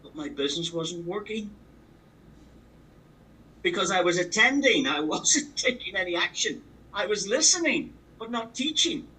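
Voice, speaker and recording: A man's voice: high voice, big pitch swings, moderate pace, long pauses, sharp tone, distant mic, rough recording. A man giving a motivational training talk on a call, emphatic and repetitive, driving his points home with sports analogies. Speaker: business opportunity trainer. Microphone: call audio.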